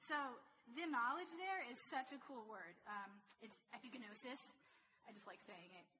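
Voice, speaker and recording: Addressing a congregation in a church hall, a woman delivers an animated, conversational sermon, frequently putting questions to the audience. Her voice is fairly high and moderately paced, and the rough recording has a little hiss or hum.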